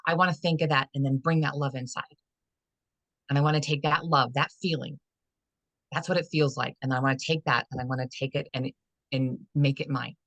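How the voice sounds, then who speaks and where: A woman with a notably low speaking voice explains her coaching ideas in an earnest, meandering way, full of "you know" and restarts. She is a guest in a relaxed podcast conversation. The sound is dry and close, with no room around it. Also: brisk, dry recording. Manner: rambling and earnest, many "you know" fillers, acts out inner dialogue. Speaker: holistic fitness and life coach, guest.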